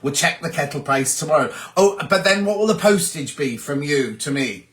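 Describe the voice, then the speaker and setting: A man's voice: fairly high pitch, animated, moderate pace, few pauses. A man from England hosting a casual live chat, reading viewer comments aloud and answering them.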